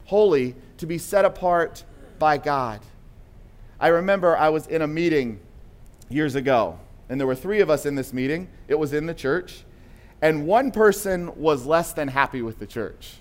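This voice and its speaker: A man, a pastor preaching a sermon in a conversational way, asking the congregation questions and adding "right?". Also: mid-range voice.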